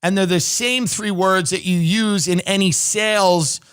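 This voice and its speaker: High, bright-voiced sardonic male host. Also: steady tone, smooth. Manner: rambling, sardonic, with halting restarts. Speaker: podcast host. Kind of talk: casual comedic commentary.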